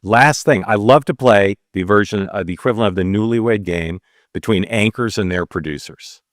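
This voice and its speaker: A man hosting an interview show, asking questions in a casual, halting way with frequent restarts. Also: lowish voice, no echo, clean studio sound. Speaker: host.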